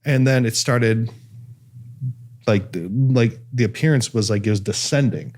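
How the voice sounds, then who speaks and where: Man, podcast host, casual storytelling, ums and restarts, mid pitch. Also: unhurried, a little mellow. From Cleveland, USA. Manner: chatty storytelling with many fillers and restarts. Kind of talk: casual chat.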